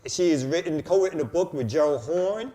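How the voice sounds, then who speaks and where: A man co-hosting a loose, casual podcast, his voice sitting a little high for a man. He talks in loud, hyped bursts when introducing guests. He curses freely throughout. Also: brisk. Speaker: co-host.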